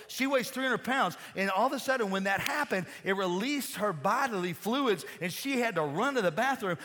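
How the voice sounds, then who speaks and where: A man's voice: sits high, bright, forceful tone. A man preaching a sermon, telling a folksy story and talking straight to his congregation. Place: church sanctuary. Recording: long hall reverb.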